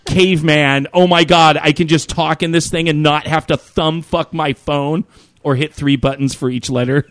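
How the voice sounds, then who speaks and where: A man's voice: fairly high pitch, moderate pace. A man in his fifties telling a long, profane, rambling story as a regular on a talk show. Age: 50s. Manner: animated, profane, rambling with many fillers.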